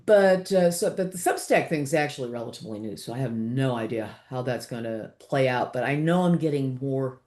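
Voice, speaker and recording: A woman in her sixties with a low-pitched voice, chatting about her writing as an interview guest. She is animated and laughs often, with plenty of fillers and half-finished thoughts. The tone is easy and conversational. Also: brisk, hardly any pauses. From Los Angeles. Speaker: author guest. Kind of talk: casual interview chat.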